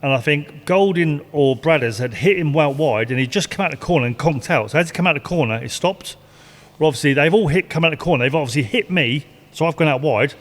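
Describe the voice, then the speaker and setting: A man's voice: fairly high pitch, fairly quick. Older man, retired racer, rambling anecdotes with laughs; long reverb. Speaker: retired stock car driver. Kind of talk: casual storytelling interview.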